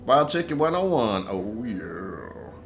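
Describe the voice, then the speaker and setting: A man's voice: lowish voice, big pitch swings, takes it slowly, faint music behind. A man hosting a casual whiskey-tasting livestream from his apartment, rambling, talking to himself and chuckling often.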